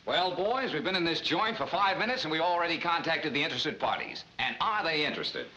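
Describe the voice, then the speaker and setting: An actor playing a smooth male con man with a brisk, confident, wisecracking manner, in a 1940s film comedy. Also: on the high side, expressive, bright, forceful tone, slight background noise, rough recording. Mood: breezy.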